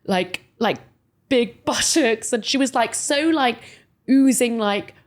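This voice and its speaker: A woman in her forties telling a personal story as a podcast guest, chatty and animated, filling her speech with "like" and jumping high when quoting people. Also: slow. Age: 40s. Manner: animated storyteller, many "like"s, voices quotes high. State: emotional, near tears. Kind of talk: casual interview chat.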